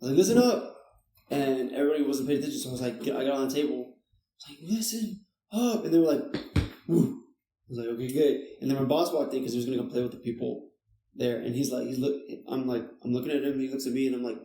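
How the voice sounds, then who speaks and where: A man's voice: mid-range voice, flat delivery, very fast, warm tone. A young man co-hosting a podcast in casual chat, with dry, teasing reactions and short retorts. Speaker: podcast co-host. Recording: echoey room.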